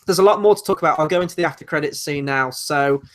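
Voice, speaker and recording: A man co-hosting a film podcast, chatting casually in an animated, rambling and sarcastic way. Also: on the high side, fast talker. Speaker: podcast co-host. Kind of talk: casual film review chat.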